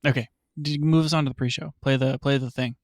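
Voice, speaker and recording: A man's voice: medium pitch, fairly even intonation, fast talker, no echo, studio quality. A man hosting a podcast, chatting in a rambling, self-mocking way with frequent laughs. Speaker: podcast host. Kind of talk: casual chat.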